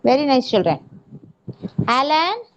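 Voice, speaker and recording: A young woman with an Indian English accent teaching a nursery class online, coaxing small children in a slow, sing-song way over a video call. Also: high voice, very animated, slight background noise. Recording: dull lo-fi video call audio.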